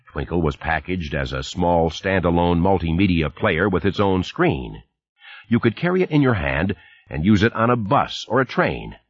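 A man narrating an audiobook in a measured storytelling manner. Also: low-pitched, no echo, dull audio. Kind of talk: scripted narration.

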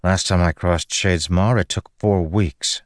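Audiobook figure: male reader playing a cool, guarded swordswoman, low-key and dry. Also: a little slow, no room sound. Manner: calm, dry, understated. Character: mysterious woman warrior, calm and guarded.

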